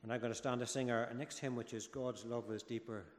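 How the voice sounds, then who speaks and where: A man giving a children's talk during a church service, telling the story with lively, dramatic build-ups. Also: medium pitch, brisk. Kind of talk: children's sermon. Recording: echoey church hall with long reverb.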